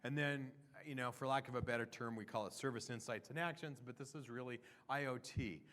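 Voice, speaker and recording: A man of ordinary pitch talks through a product roadmap at a conference session. He keeps it loose and chatty, trailing off and restarting sentences. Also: a little fast, a bit bright. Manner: conversational, with fillers and restarts. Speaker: product presenter. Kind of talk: conference talk.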